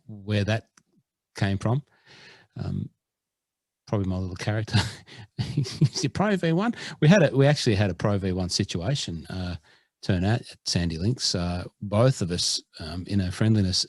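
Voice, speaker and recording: A man's voice: fairly low pitch, moderate pace, a little mellow, no echo. An Australian man co-hosting a podcast, chatting casually and rambling in a self-deprecating way. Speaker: podcast co-host. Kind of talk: casual chat.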